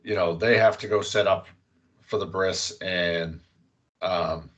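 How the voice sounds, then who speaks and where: This man takes his time, speaking in a low, steady, fairly bright voice. He's hosting a podcast and recapping a film in a relaxed, rambling way, with fillers and an occasional curse.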